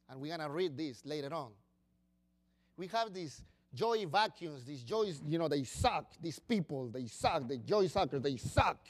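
Animated male preacher. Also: fairly high pitch. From Latin America. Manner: animated, swings between loud bursts and quiet asides. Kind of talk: sermon.

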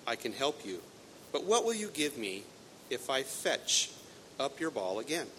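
A man's voice: sing-song, a little slow, pushed and bright. A man reading a fairy tale aloud and voicing a talking male frog who bargains in old-fashioned, coaxing speech. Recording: echoey hall, faint rumble.

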